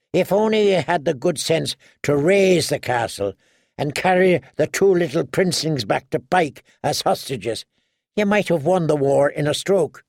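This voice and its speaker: Male reader playing a scornful older sister, calm and cutting, dry close sound. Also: a little high, gravelly, dry recording, heavily acted. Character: cool, scornful woman warrior, older sister.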